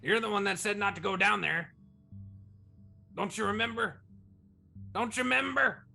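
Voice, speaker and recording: A skittish little blue-skinned gnome miner with a high, squeaky voice, blurting out every word, as a man puts him on. The tone is bright and sharp, and the pitch jumps well above the man's normal voice. It is a fantasy tabletop game. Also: normal speed, vocal fry, faint music behind, exaggerated voice. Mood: flustered.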